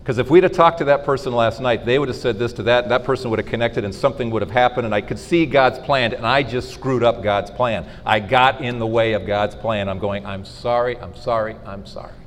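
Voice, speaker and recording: A man's voice: medium pitch, brisk, hardly any pauses. A middle-aged man giving an inspirational faith talk to a live audience, telling stories and acting out the dialogue in them. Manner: storytelling, animated, acts out dialogue. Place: school hall. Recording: reverberant hall.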